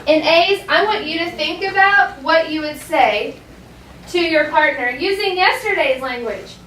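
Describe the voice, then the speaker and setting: A woman with a high voice teaches a class, saying phrases slowly and clearly for the students to repeat. She is picked up from across an echoey classroom, with a faint hiss underneath. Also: expressive, pushed and bright, distant mic. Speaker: elementary school teacher. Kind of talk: classroom language lesson.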